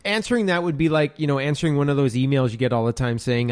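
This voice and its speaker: A man's voice: mid-range voice, a little mellow, smooth. A man co-hosting a podcast who jokes and teases his partner, laughing often and cutting in with quips. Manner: wisecracking, teasing, quick to laugh. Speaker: podcast co-host. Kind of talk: casual chat.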